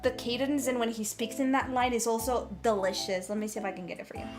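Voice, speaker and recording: A woman's voice: fairly high pitch, quick pace. A woman streamer chatting casually while she cooks, giggling often and gushing and swearing freely. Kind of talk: casual livestream chat while cooking. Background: background music.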